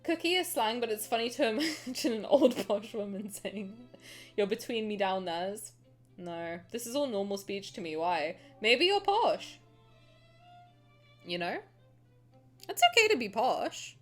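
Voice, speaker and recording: A woman's voice: on the high side, a little slow, soft background music. Young southern-raised woman streaming, chatty, swears a lot, voice bounces all over the place. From American South. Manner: chatty and animated, swears freely, laughs at herself. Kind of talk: casual stream chat, reading a game story aloud.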